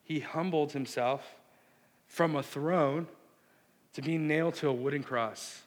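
A man preaching a sermon, earnest and impassioned, with a hushed delivery that builds into fervor. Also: fairly high pitch, a little slow. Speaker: pastor. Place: church sanctuary. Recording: long reverb of a large hall.

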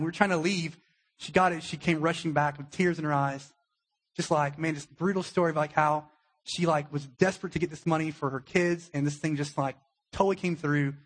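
A young adult man, a pastor, giving a conversational sermon with a husky voice and acted-out quotes. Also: fairly high pitch. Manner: conversational preaching with acted-out quotes, emotional at times.

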